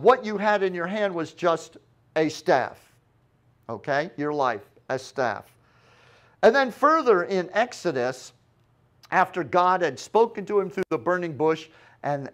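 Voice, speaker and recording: A pastor preaching a sermon with an animated delivery, acting out the quoted lines with dramatic voices. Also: male voice, high voice.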